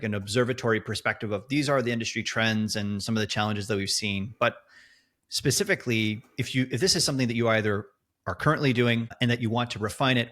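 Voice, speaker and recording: A man's voice: medium pitch, a bit bright. A man hosting a podcast in casual conversation, laughing easily and rambling through long restarted sentences. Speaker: podcast host.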